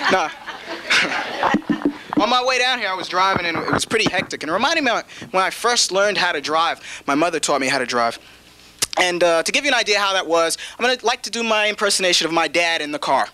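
Animated high-voiced stand-up comic. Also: male voice, quick pace. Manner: punchy, animated delivery. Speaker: stand-up comedian. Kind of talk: stand-up routine. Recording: noisy old TV recording.

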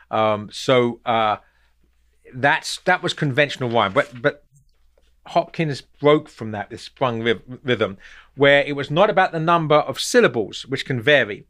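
A man at a middle pitch talks through poetic meter off the cuff, stopping and restarting as he finds his words. His delivery is unscripted and explanatory, the manner of a host thinking aloud. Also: fairly bright tone. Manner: halting, thinking aloud, with many repeated words.

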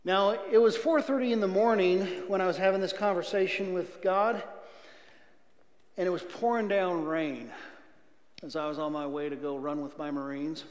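A middle-aged man giving a church testimony, earnest, swinging from loud outbursts to near whispers. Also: high-pitched, normal speed. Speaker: guest speaker giving testimony. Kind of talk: testimony sermon. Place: church sanctuary. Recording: echoey church hall reverb.

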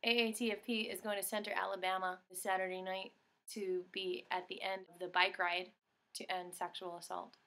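Bright, excitable woman host. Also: medium pitch. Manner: excitable, quick to joke and put on voices. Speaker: show host. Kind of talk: playful casual chat.

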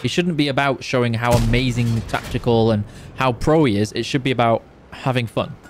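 A man's voice: medium pitch, fairly even intonation, brisk, slight background noise. A tired man chatting casually on a live gaming stream, reading out chat and humming while he plays. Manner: chatty, reads chat aloud, hums along while playing. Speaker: game streamer on official channel.

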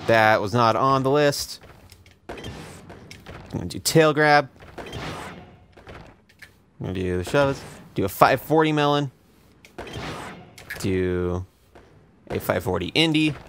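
A young man hosting a let's play delivers sarcastic, profane, self-mocking commentary as he games casually. His medium-pitched voice has lively intonation and a slightly bright quality, and he takes it slowly with frequent pauses. There's a faint hiss or hum in the recording.

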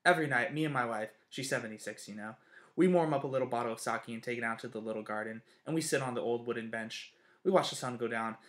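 Man reading a gentle old man over seventy. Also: mid-range voice, close to an everyday voice. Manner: easy, warm, chatty. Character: tiny gentle Japanese man in his seventies.

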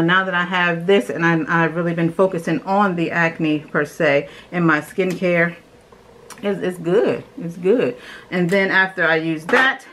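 A woman's voice: fairly low pitch, fairly bright tone, a little hiss or hum, low-quality recording. A young adult woman chatting enthusiastically as she shows her morning skincare routine at home. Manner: chatty, enthusiastic, talks while doing the steps. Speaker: beauty vlogger. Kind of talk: casual skincare routine demo.

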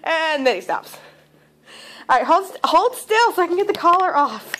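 A woman's voice: very high-pitched, sing-song, normal speed, a bit bright. A young woman filming a casual home video, chatting and coaxing her dog along. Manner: chatty, coaxing pet talk.

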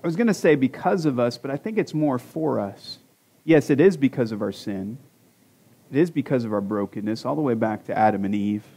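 A man's voice: medium pitch, fairly quick, mellow, husky. A man in his forties preaching a conversational sermon as a pastor, with self-deprecating jokes and rhetorical questions to the congregation. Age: 40s. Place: church sanctuary.

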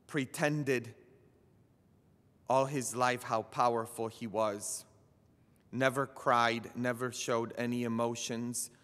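A male priest delivers a sermon at a very slow, deliberate pace, his voice bright and sharp. He leans on emphatic phrases that build to loud peaks. The sound carries a long church reverb. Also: medium pitch. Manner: slow, emphatic preaching that swells to loud climaxes. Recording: echoey church hall.

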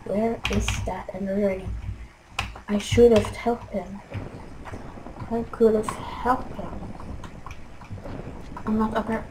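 A young woman commentating her own gameplay, frustrated and trash-talking, with excitable outbursts. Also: mid-range voice, takes it slowly, pauses often, noisy background. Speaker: gaming commentator.

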